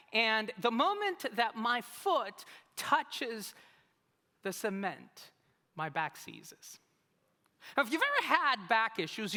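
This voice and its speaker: A man preaching in a church sanctuary tells a personal story with a lively, swooping voice and a bright, forceful tone. His delivery is humorous and self-mocking, and the sound carries a long hall reverb. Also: extremely high pitch. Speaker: pastor. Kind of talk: storytelling sermon.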